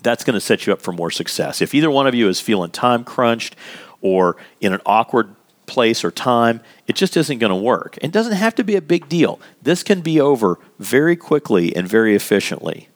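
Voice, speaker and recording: A man teaching a lesson in an animated, emphatic conversational way, stretching out key words for emphasis. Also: medium pitch, normal speed. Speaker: workplace communication instructor. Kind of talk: instructional talk.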